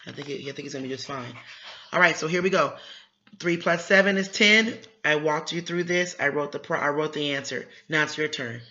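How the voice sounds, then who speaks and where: A homeschooling parent coaching a young child through word problems, with quick praise and repeated phrases. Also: mid-range voice, bright, forceful tone. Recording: echoey room, slightly dull sound.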